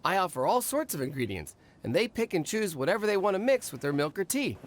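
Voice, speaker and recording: An actor playing an eager, talkative young stall owner in a video game, who rambles with enthusiasm. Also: male voice, high voice, sing-song, quick pace, a little hiss or hum.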